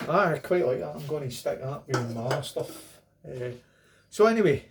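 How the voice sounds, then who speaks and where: A man's voice: a little high, animated, moderate pace, gravelly, a little hiss or hum. A middle-aged Scottish man talking casually to camera as he reviews a beer, rambling and joking. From Scotland. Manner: chatty, rambling, jokey asides.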